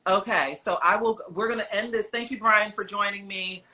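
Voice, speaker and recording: Woman hosting a livestream, bright voice, playful and chatty with the viewers. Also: medium pitch, fairly even intonation, normal speed. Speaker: livestream host. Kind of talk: casual livestream chat.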